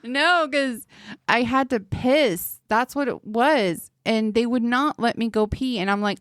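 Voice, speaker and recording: A woman's voice: fairly high pitch, a little slow, fairly bright tone, no room sound, clean studio sound. A woman around thirty co-hosting a podcast in casual chat, laughing often and swearing freely. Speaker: podcast co-host.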